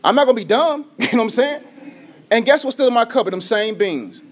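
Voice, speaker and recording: Pastor guy preaching, kinda high voice, gets loud then goes quiet, trips over words sometimes. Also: fast. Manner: energetic preaching, swings between loud and hushed. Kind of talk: sermon.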